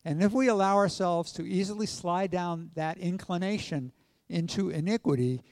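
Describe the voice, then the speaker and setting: A man preaching a sermon at a measured pace, putting questions to his congregation. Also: high-pitched, darkish tone, no room sound, big-room sound. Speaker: pastor.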